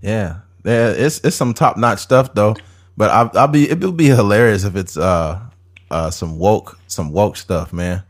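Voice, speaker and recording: A man's voice: on the low side, measured pace. A man co-hosting a podcast, chatting casually and joking, often slipping into put-on voices. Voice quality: animated, jokey, slips into put-on voices. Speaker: podcast co-host. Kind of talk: casual comedic chat.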